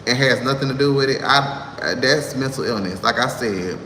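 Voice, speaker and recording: A man's voice: mid-range voice, moderate pace, sharp tone. A man in his thirties delivering a sassy, exasperated monologue to camera, ranting with laughs. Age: 30s. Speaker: vlogger. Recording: echoey room with long reverb, faint noise.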